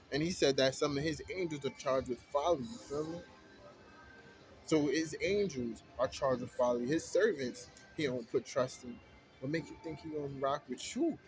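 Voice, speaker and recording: Man, mid-pitched voice, reads Bible verses then breaks them down in slang, soft music underneath. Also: poor audio. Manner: reads verses slowly, then explains in slangy street talk. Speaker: Bible study host. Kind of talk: reading scripture aloud with casual commentary.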